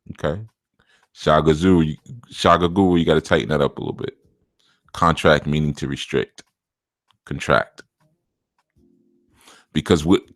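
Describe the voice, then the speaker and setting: A man's voice: a bass voice, dry recording, studio quality. A middle-aged man, a spiritual teacher, chatting casually on a live stream, reading out viewer comments, laughing often and calling listeners "man".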